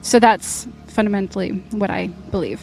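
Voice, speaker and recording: A woman's voice: medium pitch, normal speed, creaky, a little mellow, faint music behind. A young woman, a rally competitor, speaking in a casual interview with an upbeat, chatty manner and lots of fillers. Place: outdoors at an event finish line.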